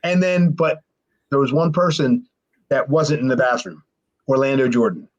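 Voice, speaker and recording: A man, a former pro wrestler guesting on a podcast, telling a rambling, profane story and mimicking others in a high voice. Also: moderate pace, highs cut off. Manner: animated, mimics others with sharply raised pitch. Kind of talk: casual storytelling.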